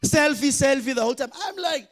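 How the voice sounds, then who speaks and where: A young Namibian man doing a stand-up comedy routine, animated, shouting his punchlines and acting out characters. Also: extremely high pitch, fairly quick. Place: comedy venue with live audience.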